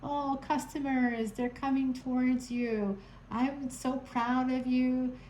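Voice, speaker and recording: A sugary, fake-casual ex sliding back in as if nothing happened, as a woman mockingly puts the voice on. The tone is pitched well above her own and overly sweet. It has a mocking, exaggerated edge. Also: little pitch movement, slow, a little mellow, reverberant, slight background noise, poor audio. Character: fawning ex who ghosted, now sweetly friendly.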